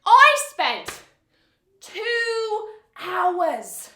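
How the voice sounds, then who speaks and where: A woman's voice: very high voice, very slow, slight background noise, pitched above the performer's own voice, heavily acted. A woman performing a comedic monologue in a New York accent, playing an impulsive young woman fuming over a breakup. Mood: exasperated. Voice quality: animated, exasperated delivery. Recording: echoey room.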